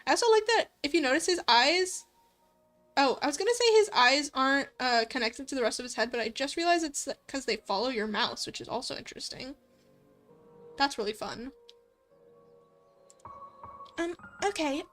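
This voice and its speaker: A woman's voice: high-pitched, lively intonation, normal speed, long pauses, a bit bright. A young adult woman streamer in casual let's play commentary, chatty and giggly, thinking aloud. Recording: faint background music.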